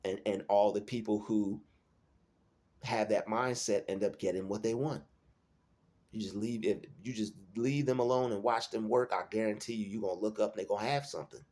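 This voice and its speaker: Male host, lowish voice, earnest solo motivational talk that repeats points to drive them home. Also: steady tone, moderate pace, darkish tone. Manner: earnest, repetitive, restates lines for emphasis.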